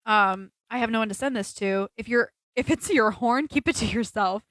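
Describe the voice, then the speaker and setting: A woman co-hosting a casual podcast stream. She talks in an animated, storytelling way and slips into other people's voices when she quotes them. Her voice sits fairly high and sounds dry and close to the mic. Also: normal speed, no room sound. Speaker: podcast co-host. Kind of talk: casual chat on a livestreamed podcast.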